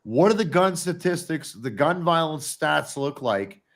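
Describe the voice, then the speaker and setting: A man's voice: a little high, animated, unhurried, gravelly, slight background noise. A man hosting a livestream, talking bluntly and profanely to viewers. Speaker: podcast host. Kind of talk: heated casual chat.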